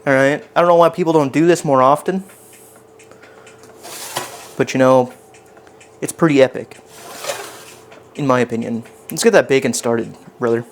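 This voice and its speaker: A man's voice: medium pitch, normal speed, long pauses, a little hiss or hum. A man chatting casually while cooking on a live stream in his home kitchen, rambling and poking fun at himself as he talks to his chat.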